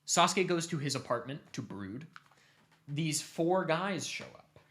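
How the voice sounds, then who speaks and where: A young man casually retelling a long story to his family, animated and cursing offhandedly. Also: on the high side, a little slow. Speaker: streamer host.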